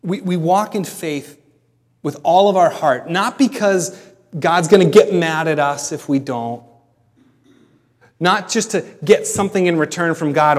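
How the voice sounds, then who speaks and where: A man preaching a sermon in a conversational way, explaining as he goes with pauses and restarts. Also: on the high side, big-room sound. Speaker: pastor.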